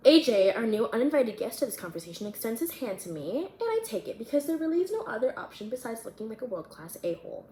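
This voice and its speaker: A woman's voice: medium pitch, very animated, fast, hardly any pauses, darkish tone, slight background noise. A woman vlogger chatting casually and rambling about her young adult novel, filling her sentences with "like". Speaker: vlogger and writer. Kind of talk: casual chat, reading her own fiction. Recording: echoey room, faint ambience.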